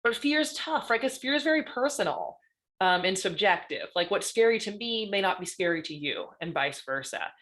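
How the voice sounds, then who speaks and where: A woman gives a presentation as a guest speaker. She talks in a lively, conversational way and keeps checking in with her listeners by asking "right?" after her points. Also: medium pitch, moderate pace. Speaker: guest panelist on stalking. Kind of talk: presentation talk.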